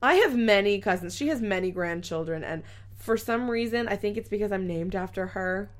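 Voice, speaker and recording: Young woman cohost, animated storyteller, laughs through her stories. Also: mid-range voice, fairly quick. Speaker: podcast co-host. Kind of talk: casual chat.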